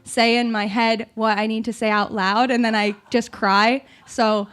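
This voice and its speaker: A woman hosting a live songwriter show, talking on stage while close to tears, rambling and halting and laughing through it. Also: a little high, level tone, a bit bright, clean tone. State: tearful, on the verge of crying. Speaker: host and singer-songwriter. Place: small live music venue stage.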